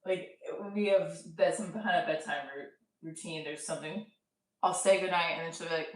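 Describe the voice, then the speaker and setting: Pitched lowish and delivered at a moderate pace with fairly even intonation, this is a woman comic in her thirties vlogging casually to herself. She rambles, swears, and laughs at her own expense while facing the camera. Recorded far from the mic, her voice carries a roomy echo and sounds a touch off-mic.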